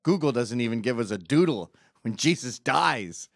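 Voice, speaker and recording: A man's voice: medium pitch, animated, normal speed, creaky, dry recording, studio quality. A man from Britain giving a sarcastic, mocking comedic rant over a video clip. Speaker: commentator.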